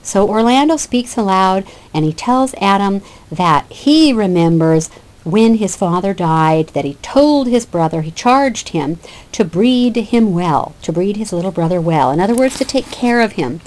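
A woman's voice: mid-range voice, animated, measured pace, a little mellow. A woman teacher giving a lecture that explains a classic play scene by scene. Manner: explanatory, with fillers and restarts. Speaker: literature teacher.

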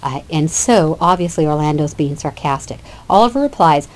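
A woman's voice: sits low, animated, normal speed, hardly any pauses. A woman teacher giving a lecture that explains a classic play scene by scene. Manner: explanatory, with fillers and restarts. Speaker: literature teacher.

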